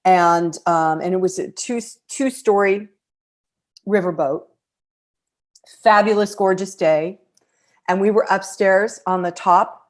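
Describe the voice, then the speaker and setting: A middle-aged American woman hosting a podcast, telling a personal travel story in a reflective, emotional way with pauses. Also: medium pitch. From United States. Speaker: podcast host.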